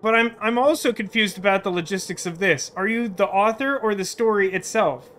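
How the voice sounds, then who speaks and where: A man's voice: sits high, a little fast, a bit bright, a little hiss or hum. A young man chatting through a game as host, self-mocking and trying out character voices. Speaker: let's play host. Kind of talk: casual gameplay commentary.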